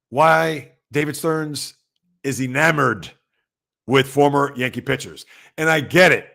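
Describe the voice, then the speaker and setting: Gravelly guy doing a sports livestream from home, loud and emphatic, rambles and talks back to chat. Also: mid-range voice. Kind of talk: casual sports talk livestream, reading viewer comments.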